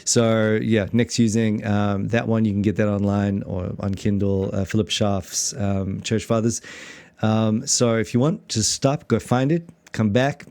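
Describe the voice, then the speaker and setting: A man's voice: fairly low pitch, level tone, unhurried, a little mellow, no room sound. A man with a South African accent hosting a casual theology podcast, rambling through his thoughts with fillers and restarts. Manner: rambling, many restarts and fillers, laughs easily. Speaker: podcast host and pastor.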